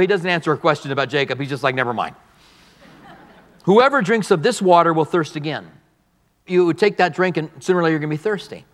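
A man pastor preaching a verse-by-verse sermon, telling the story with animated delivery and acting out the dialogue. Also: a little high, big-room sound.

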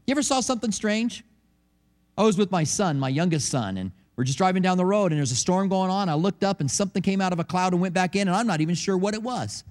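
A high-pitched, middle-aged pastor delivers a sermon during a church service. His style is conversational and story-driven, with quotes he acts out.

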